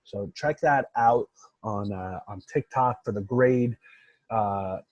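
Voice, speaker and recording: A man's voice: fairly low pitch, slow pace, no room sound, lo-fi sound. A young man co-hosting a podcast in casual chat, rambling with lots of fillers and "like"s. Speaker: podcast co-host.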